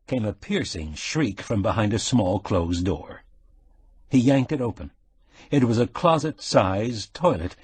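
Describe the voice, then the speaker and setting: A man narrating a cozy mystery audiobook in an even, measured storytelling way. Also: mid-range voice, husky, dry recording.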